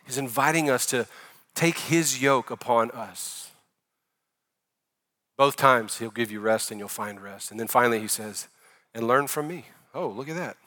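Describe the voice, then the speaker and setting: A male pastor in his forties delivering a sermon in a bright, forceful voice. He preaches conversationally, pushing some phrases out loud and letting others fall to a near hush. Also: mid-range voice. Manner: conversational preaching, rising loud for emphasis then dropping soft.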